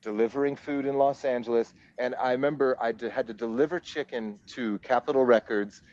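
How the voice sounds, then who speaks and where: Man in his 40s, musician guest, casual rambling storyteller, medium pitch, muffled lo-fi sound. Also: a little fast. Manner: rambling, animated storyteller who laughs at himself. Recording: dull lo-fi audio.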